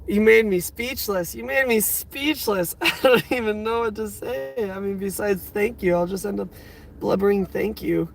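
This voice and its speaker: A young man in his twenties talks to his live-stream viewers from inside a car, his voice pitched high for a man. He sounds overwhelmed and close to tears, and he keeps repeating exclamations. A faint hum of noise sits behind him. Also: fairly even intonation, normal speed, creaky. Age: 20s. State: teary, near crying. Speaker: livestream host. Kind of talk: casual live-stream chat.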